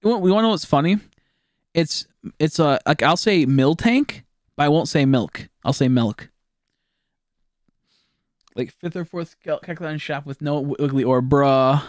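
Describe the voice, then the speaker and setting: A man's voice: fairly high pitch, unhurried, pauses often, no echo, clean studio sound. A young man from Texas with a Texan accent, rambling, joking and swearing as he chats with viewers during a game stream. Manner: rambling, swearing, jokey, chatting with viewers while playing. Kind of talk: casual live-stream gaming chat.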